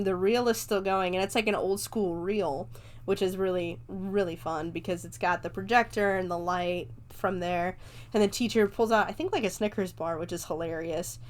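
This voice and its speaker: A woman hosting a podcast, recapping a film in a chatty, rambling way, swearing casually and laughing often. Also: mid-range voice. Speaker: podcast host reviewing a film.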